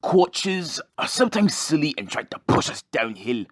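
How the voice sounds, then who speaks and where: A man voicing a calm, knowing old male engine who teases the others in a measured, chuckling way. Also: on the high side. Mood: teasing.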